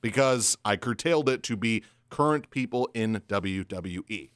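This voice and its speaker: A man co-hosting a casual wrestling podcast, talking fast and acting out what others said. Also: fairly low pitch, no echo, studio quality. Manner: animated, acts out quoted lines. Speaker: podcast co-host.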